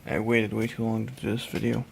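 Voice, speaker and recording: Tired, flat-voiced man rambling. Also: fairly low pitch, gravelly, slight background noise. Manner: halting and rambling, trails off mid-thought. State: tired, yawning. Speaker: hobby painting vlogger. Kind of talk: casual hobby vlog narration.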